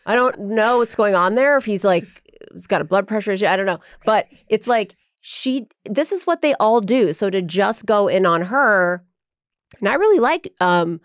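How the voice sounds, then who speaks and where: A woman's voice: medium pitch, lively intonation, no room sound, clean studio sound. A woman comedian guesting on a gossip podcast, opinionated and emphatic in casual chat. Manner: emphatic, opinionated, quick asides.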